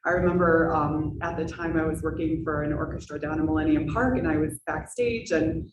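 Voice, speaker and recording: A woman's voice: deep voice, brisk, dull audio. Earnest woman in a roomy hall. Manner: earnest, laughs often, fillers. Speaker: panelist telling her conversion story. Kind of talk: personal testimony to an audience. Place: synagogue hall. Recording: roomy hall, distant mic, noisy.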